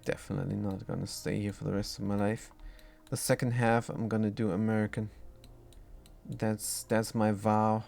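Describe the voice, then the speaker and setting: A man's voice: lowish voice, flat delivery, moderate pace, vocal fry, darkish tone. A man from Germany with a German accent, talking through his gameplay as a streamer in a casual, rambling way with many ums.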